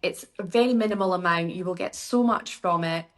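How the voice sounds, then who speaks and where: A Scottish woman speaks as a podcast guest with a somewhat low-pitched voice. Her talk is chatty and rambling but upbeat, running from one thought to the next. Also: fairly quick. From Scotland. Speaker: guest, beauty business founder. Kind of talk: casual podcast interview.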